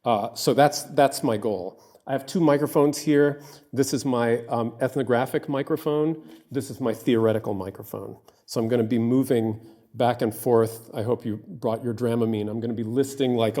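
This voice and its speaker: Male academic lecturer, measured and literary. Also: medium pitch, dark tone. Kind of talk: live academic lecture, reading a written paper aloud. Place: in front of a live audience.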